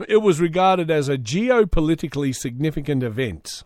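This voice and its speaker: A man's voice: fairly high pitch, expressive, moderate pace, a little mellow, no echo. A man hosting a solo comedy podcast, reading news aloud with sarcastic asides. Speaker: podcast host.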